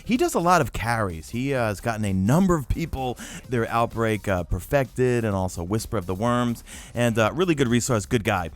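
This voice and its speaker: A man from New York with a toned-down New York accent, hosting a casual gaming Q&A chat with lots of fillers. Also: mid-range voice. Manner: animated, fast-talking with many fillers. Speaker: YouTube gaming host.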